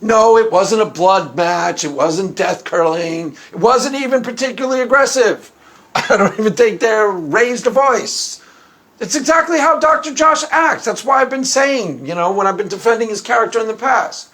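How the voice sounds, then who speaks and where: High-voiced joking male commentator. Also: expressive, normal speed, a bit bright. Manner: joking, rambling, repeats phrases. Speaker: YouTube commentator. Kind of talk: casual commentary.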